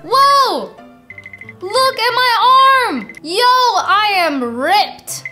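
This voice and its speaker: A young woman with a very high voice, commenting on her gameplay in an unhurried, excitable way. She reads the on-screen lines aloud and chats to her viewers. Game music plays clearly behind her. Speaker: gaming video host.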